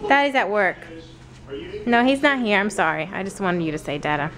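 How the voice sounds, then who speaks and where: A woman's voice: mid-range voice, lively intonation, brisk, fairly bright tone. A young woman vlogging casually, chatting and playing with her toddler in a sing-song way. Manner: chatty, playful baby talk with her toddler. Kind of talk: casual family vlog.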